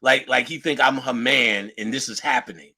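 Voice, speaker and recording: Husky guy with a bright edgy voice telling a profane story in street slang, acts out the people he quotes. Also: medium pitch, normal speed. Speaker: lecturer. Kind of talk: casual anecdotal storytelling.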